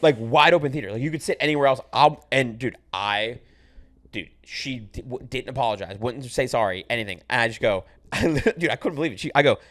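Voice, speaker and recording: Fast-talking man telling stories casually. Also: medium pitch. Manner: animated storytelling, heavy swearing, many restarts. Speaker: host. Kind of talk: casual podcast chat.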